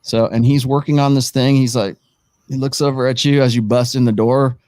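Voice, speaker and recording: A man's voice: medium pitch, fairly even intonation, brisk, darkish tone, dry recording. A man narrating as game master of a tabletop game, rambling and thinking aloud as he sets up the map.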